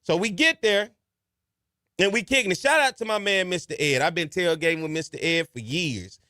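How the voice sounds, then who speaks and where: A man's voice: sits high, lively intonation, moderate pace, sharp tone, dry recording, studio quality. A man hosting a podcast, giving folksy, repeated advice and telling stories in a casual, colloquial way. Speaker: podcast host. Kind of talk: casual advice monologue and storytelling.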